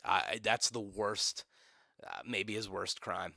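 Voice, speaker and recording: A young man rants on a live stream, sarcastic and profane, breaking into laughs. His pitch swings widely from low mutters to high outbursts. The sound is dry and close, with no room around it. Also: animated, slow, creaky, bright, forceful tone, no echo. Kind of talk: casual live-stream rant.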